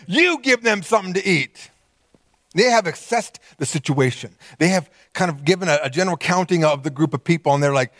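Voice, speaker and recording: A male pastor preaching a sermon, animated and conversational, acting out quoted voices with small laughs. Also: fairly high pitch, a little fast, dry recording.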